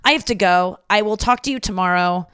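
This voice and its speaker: A woman's voice: mid-range voice, fairly quick, a bit bright, clear, resonant tone, no room sound, studio quality. A woman hosting a solo comedy podcast, telling stories in a rambling, profane way full of fillers. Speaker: podcast host.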